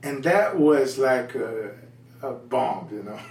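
A man's voice: medium pitch, lively intonation, creaky, a little mellow. Earnest Brazilian-accented man in an echoey room. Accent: Brazilian Portuguese. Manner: candid and earnest, with halting restarts. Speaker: missionary guest. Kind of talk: personal testimony in an interview. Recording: echoey room with a distant mic.

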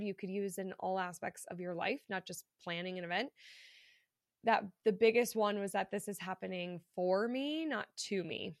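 A woman's voice: medium pitch, no echo. A woman talks through a solo podcast episode in a loose, candid way, dropping fillers and the odd swear word. Her voice is a little stuffed up from allergies. The recording is dry and close, with no room sound. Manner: candid, chatty, swears casually, many fillers. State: congested from allergies. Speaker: podcast host. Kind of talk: casual solo podcast monologue.

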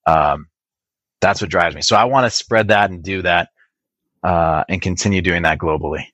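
A man speaking as a business owner on a podcast, with a very low, deep voice. He talks earnestly and haltingly, restarting his sentences often. The sound is dry and close. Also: fairly bright tone, no room sound. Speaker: podcast guest. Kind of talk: podcast interview.

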